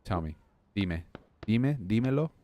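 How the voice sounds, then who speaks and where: A man's voice: fairly low pitch, animated, a little slow, dark tone, a little hiss or hum. A young man rambling and poking fun at himself as he chats to his viewers during a game stream at his home desk. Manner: rambling, self-deprecating, talks to chat. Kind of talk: rambling live-stream chat.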